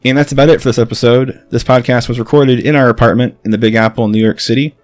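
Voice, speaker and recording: A man's voice: mid-range voice, steady tone, fast talker, no echo, soft background music. Friendly guy hosting a podcast from his apartment, dry close mic. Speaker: podcast host. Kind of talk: casual podcast chat and sign-off.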